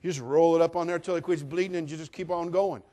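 Brief: male pastor, higher-pitched voice, folksy and emphatic, sermon delivery. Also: fairly even intonation, quick pace. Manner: folksy, emphatic, swinging from hushed to loud.

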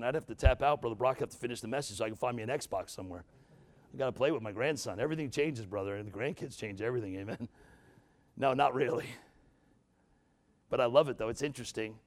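An older man, a grandfather, preaching a sermon to a church with folksy jokes and rising, emphatic exhortation. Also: mid-range voice. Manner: folksy, joking asides, rises to emphatic exhortation.

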